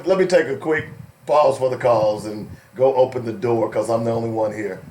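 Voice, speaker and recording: A man hosting a call-in radio show in a studio, loose and chatty, laughing often and filling pauses with "uh". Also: mid-range voice, darkish tone. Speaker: radio talk show host. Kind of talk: casual call-in radio talk. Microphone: studio microphone.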